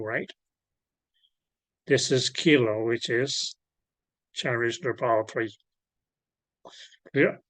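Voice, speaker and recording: A man lectures over a video call in a mid-pitched voice. He keeps pausing to ask whether everyone follows and corrects his own slips as he goes. The sound is dry and close. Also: a bit bright, no echo. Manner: patient, checks understanding, frequent self-corrections. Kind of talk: online class teaching.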